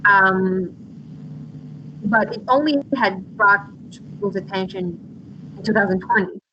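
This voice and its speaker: Woman guest, impassioned and halting, mid pitch, slightly muffled lo-fi audio. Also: a little hiss or hum. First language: Uyghur. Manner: impassioned, with many restarts and fillers. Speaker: interview guest. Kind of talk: earnest interview answers.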